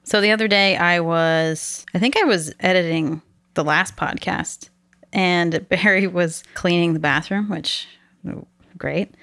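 A young woman co-hosting a podcast in casual chat, blunt and laughing often, animated when retelling stories. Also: on the low side, a little slow, no room sound. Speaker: podcast co-host.

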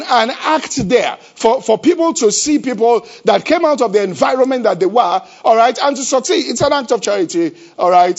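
A pastor delivers a sermon, repeatedly putting rhetorical questions to the congregation. He shifts between loud emphasis and a low, conversational tone, captured on a dull, lo-fi church recording.

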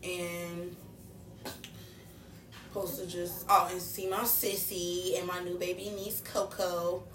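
A woman from Ohio co-hosting a podcast in a relaxed, teasing, chatty way. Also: lowish voice, slow pace, long pauses, soft background music. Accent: Midwestern US, Ohio. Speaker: podcast co-host. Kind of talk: casual chat. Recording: echoey room, distant mic, faint noise.

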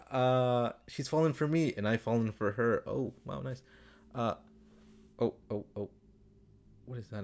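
A man's voice: mid-range voice, creaky, a little mellow. A young man hosting a casual advice podcast from home, rambling, swearing and drifting off topic as he reads listener questions. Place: home room with window, street noise outside. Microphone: desktop computer setup.

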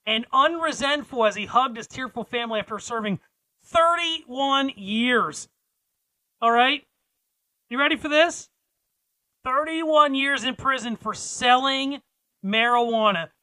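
Bright-voiced male podcast host, dry close mic. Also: very high-pitched, no echo, low-quality recording. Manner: teasing, with dramatic build-ups. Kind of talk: casual podcast news chat.

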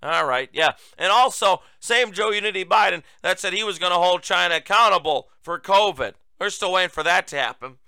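Sarcastic high-voiced talk-show man. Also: a little fast, vocal fry, few pauses, clear, resonant tone, dry recording. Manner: sarcastic, combative, mocking; raises voice to near-shouting for emphasis. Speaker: host. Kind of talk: political commentary monologue.

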